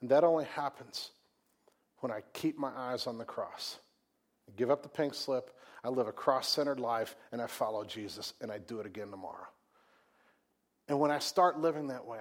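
Man preaching a sermon, goes big and loud then drops real quiet, repeats himself a lot. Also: mid-range voice. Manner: swings from loud emphatic preaching to quiet hushed asides; conversational, repeats words and restarts. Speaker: pastor.

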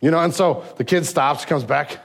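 Animated preacher, fairly high voice. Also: male voice, moderate pace, creaky. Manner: animated storytelling with frequent restarts. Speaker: pastor. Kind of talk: sermon.

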